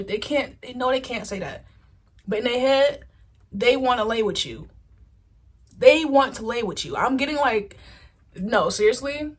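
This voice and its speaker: A woman giving a casual pick-a-card tarot reading, chatty and animated, swearing freely. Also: a little high, moderate pace, husky. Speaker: tarot reader.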